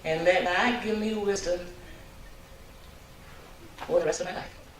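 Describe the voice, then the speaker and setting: Woman, widow, memorial tribute, very slow, quiet, distant, echoing hall. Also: on the low side. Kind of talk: speaking at a memorial service. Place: funeral hall. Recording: distant, very echoey hall with faint noise.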